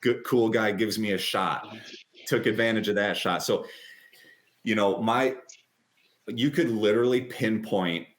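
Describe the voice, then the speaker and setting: A man in his thirties talking as an interview guest, chatty and animated as he retells his story. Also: fairly low pitch. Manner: quick, lively retelling with acted-out quotes.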